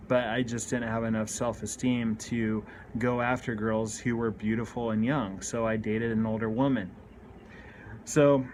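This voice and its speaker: A man in his thirties speaks candidly into the camera and tells a confessional story from his own life. His voice sits at an ordinary middle pitch, and he talks in earnest with frequent restarts and repeated words. A faint hiss of noise runs under the recording. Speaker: recovery speaker.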